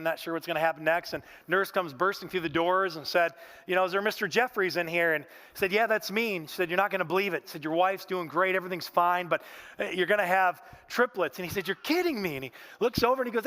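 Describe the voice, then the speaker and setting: A man preaching in a church sanctuary has a high-pitched, bright voice and a forceful tone. As pastor, he tells stories in a folksy style, frequently dropping the word "man."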